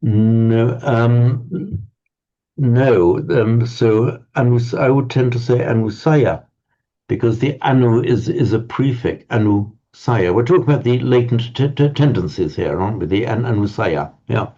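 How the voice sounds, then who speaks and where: A man with a mellow, mid-range voice teaches a Pali class, speaking haltingly and thoughtfully with many restarts. The recording is dull and lo-fi.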